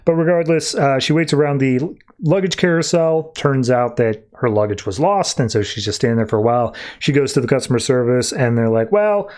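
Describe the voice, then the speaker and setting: A man in a mid-range voice talks through a comic issue as a podcast host. He keeps it loose and chatty, pausing on fillers and restarting his sentences as he goes. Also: medium pitch, a little mellow. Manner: loose and conversational, with frequent filler words and restarts. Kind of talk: casual comic book recap.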